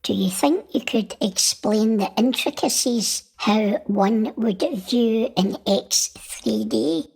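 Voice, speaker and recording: A man's voice: high-pitched, darkish tone, breathy edge, pitched above the performer's own voice, full character voice. A man voicing a cheeky, hot-tempered male Martian guest. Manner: cheeky, quick to anger.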